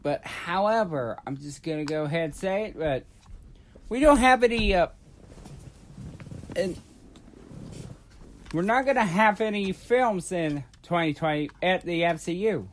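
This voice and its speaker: Male vlogger, high voice, unhurried, halting casual rant with lots of fillers. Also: a little hiss or hum. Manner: rambling, halting, many fillers and restarts. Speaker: YouTube vlogger.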